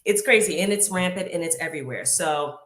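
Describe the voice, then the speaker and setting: A woman from Boston gives her view on a panel. Her voice sits fairly low and she speaks earnestly. Her audio echoes around the room. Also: lively intonation, brisk, a bit bright. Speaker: guest panelist, real estate broker. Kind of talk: panel discussion.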